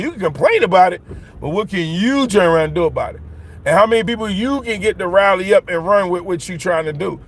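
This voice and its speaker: A middle-aged man from Philadelphia talks into his phone while walking down a street, his voice sitting a little high. He rambles and leans hard on his points, checking in with his listeners every few lines. Faint traffic hums around him. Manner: rambling, emphatic, keeps asking "you know what I'm saying". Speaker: livestream host. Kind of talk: casual livestream monologue. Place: outdoors, walking home on a street.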